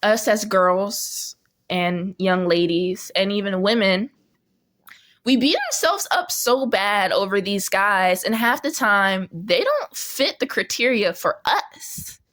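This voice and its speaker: A young woman telling a casual storytime as a vlogger, chatty and animated, laughing often as she talks. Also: mid-range voice, takes it slowly.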